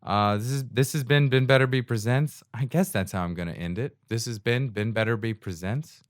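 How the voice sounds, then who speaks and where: In clean studio sound with no echo, a man of medium pitch speaks fairly quickly while hosting his own podcast. It's a rambling, self-deprecating comic monologue, broken up by laughter, recorded on a secondhand USB mic.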